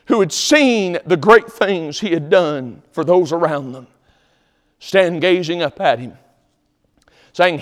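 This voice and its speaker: A man preaching a sermon, emphatic, swinging between loud exhortation and hushed tones. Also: fairly high pitch, takes it slowly, pauses often, big-room sound.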